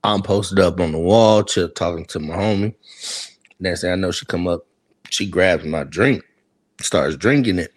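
A man's voice: sits low, moderate pace, no echo. A man co-hosting a podcast, casually telling a story, laughing often and acting out what people said. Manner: laughing, animated, acts out quotes. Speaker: podcast co-host.

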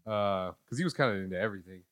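A man's voice: on the low side, rapid-fire, no echo, clean studio sound. A man co-hosting a casual podcast, loose and stumbling, saying "dude" and "uh" a lot. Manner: loose, says dude and uh, stumbles over words. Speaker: podcast co-host. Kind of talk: casual chat.

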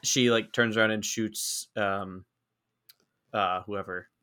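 A man's voice: lowish voice, fairly even intonation, takes it slowly, sharp tone, clear, resonant tone. A man cohosting a podcast, chatting casually and hesitantly with fillers. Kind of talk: casual chat.

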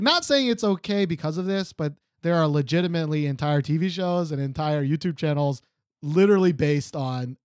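Man, podcast host, casual rambling chat, slightly high voice, dry close sound. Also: dry recording. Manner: animated, rambling storytelling with fillers.

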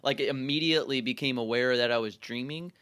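A man's voice: mid-range voice, brisk, a bit bright, smooth, no echo. Easygoing young man, dry close sound. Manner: easygoing, laughs often, says "dude" and "like". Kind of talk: casual chat.

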